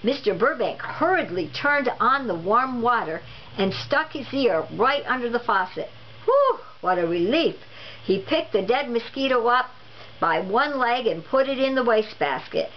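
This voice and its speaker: A woman's voice: fairly high pitch, lively intonation, normal speed. Woman reading a storybook aloud. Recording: dull lo-fi recording with faint noise.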